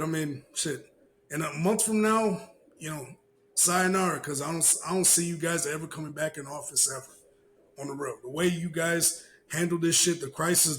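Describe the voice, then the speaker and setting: A man's voice: on the high side, a little hiss or hum, low-quality recording. A man hosting a casual podcast, ranting in a heated, profane way and repeating himself. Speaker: podcast host.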